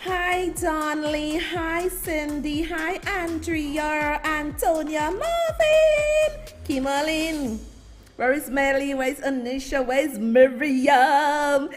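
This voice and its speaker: Lively woman hosting a live stream. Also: high voice, slow. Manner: animated, effusive, sing-song shout-outs. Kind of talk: live-stream chat greeting viewers. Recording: faint music behind.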